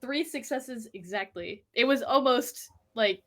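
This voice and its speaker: A woman's voice: a little high, a little slow. A woman player at a tabletop game, chatting casually and laughing at herself. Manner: laughing, self-deprecating and relaxed.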